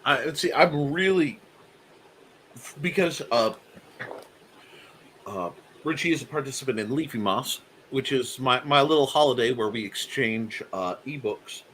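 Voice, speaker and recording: Lively bright-voiced man hosting a chat. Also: medium pitch, unhurried, a little hiss or hum. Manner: animated, laughing, frequent fillers and restarts. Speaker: host. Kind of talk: casual chat.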